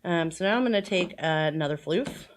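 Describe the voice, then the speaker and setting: A woman's voice: on the low side, expressive, a little fast. A woman chatting casually through a makeup tutorial, rambling with lots of fillers and playful asides. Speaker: makeup vlogger.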